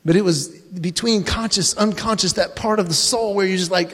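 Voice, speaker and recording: Man, high voice, animated storytelling, acts out dialogue, faith-based talk, long hall reverb. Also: normal speed. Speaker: speaker telling a family story to an audience.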